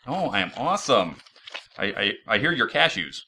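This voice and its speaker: Sex: man. Role: host. Style: casual podcast interview. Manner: upbeat, joking. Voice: bright, with a very lively pitch. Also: moderate pace. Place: San Jose, California.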